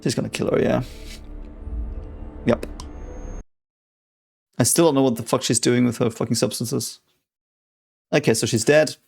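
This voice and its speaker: A young man gives casual, excitable reaction commentary, swearing as he talks over a show. His voice is gravelly and sits at a middle pitch. Faint music plays behind him. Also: measured pace, pauses often. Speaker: reaction video host.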